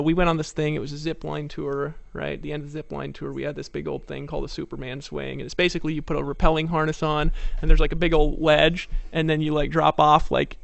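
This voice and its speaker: Gravelly-voiced man giving a motivational sales pitch. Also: dry recording. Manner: persuasive storytelling, rhetorical questions. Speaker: network marketing presenter.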